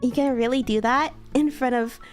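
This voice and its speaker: A woman's voice: sits high, steady tone, a little fast, soft background music. A woman streamer chatting casually while role-playing, giggly and laughing often.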